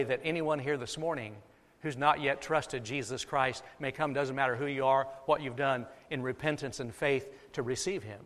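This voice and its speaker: A man's voice: on the high side, fairly bright tone. A man preaching a sermon from the pulpit as pastor, from the United States, emphatic and repeating key phrases for effect. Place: church sanctuary. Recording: long reverb of a large hall.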